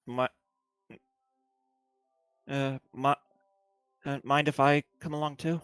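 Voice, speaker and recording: A man's voice: medium pitch, fairly even intonation, slow, a bit bright, clear, resonant tone, dry recording, soft background music. A man voicing a hesitant, polite fox-spirit adventurer who stumbles and repeats his words.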